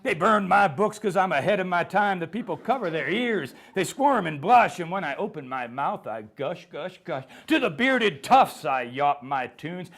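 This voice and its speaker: Poet guy reading funny poems live, deadpan, kinda gravelly, slightly high voice. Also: normal speed, hardly any pauses. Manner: deadpan comic delivery, rhythmic. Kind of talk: live humorous poetry reading.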